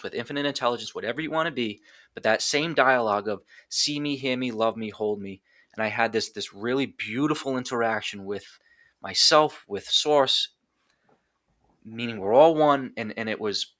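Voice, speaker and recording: A man with a bright, tense voice speaks in a raw, blunt way and swears often. He restarts his sentences as he tells a personal story. The sound is dry and close to the mic, with no room echo. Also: mid-range voice. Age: adult. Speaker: podcast guest.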